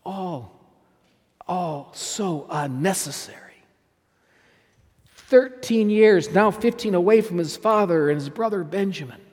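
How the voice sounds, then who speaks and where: A man's voice: high voice, takes it slowly, long pauses, darkish tone. A male pastor preaching a sermon, emphatic, repeating phrases and putting questions to his listeners. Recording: long hall reverb.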